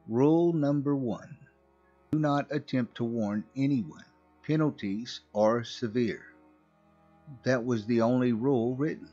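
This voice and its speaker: Slow, husky male horror narrator. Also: mid-range voice, warm tone. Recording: muffled recording with faint music.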